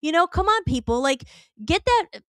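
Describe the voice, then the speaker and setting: A woman's voice: very high-pitched, sing-song, fairly quick, dry recording. A woman on a talk stream, ranting heatedly and firing off rhetorical questions. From United States.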